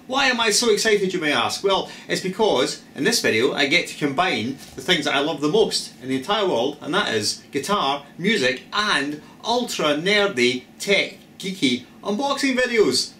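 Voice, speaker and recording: A man's voice: a little high, very animated, normal speed, bright, forceful tone, roomy sound, a little hiss or hum. A man hosting his own gear unboxing vlog, talking in a theatrical, exuberant, self-mocking way. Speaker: channel host.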